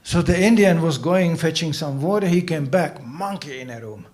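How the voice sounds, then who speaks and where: Male preacher, festival sermon, animated storytelling, acted voices, teasing asides, fairly high voice. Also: moderate pace. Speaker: spiritual teacher.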